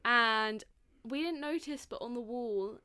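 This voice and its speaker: A woman's voice: fairly high pitch, unhurried, sharp tone, clean tone, no room sound. A young woman co-hosting a casual podcast chat, telling stories and acting out what people said. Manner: chatty storytelling, acting out quotes. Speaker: podcast co-host.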